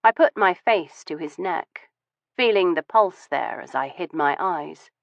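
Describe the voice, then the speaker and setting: A woman narrating a first-person audiobook in a composed, measured way. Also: on the low side, expressive, creaky, no echo. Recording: dull, dry studio audio.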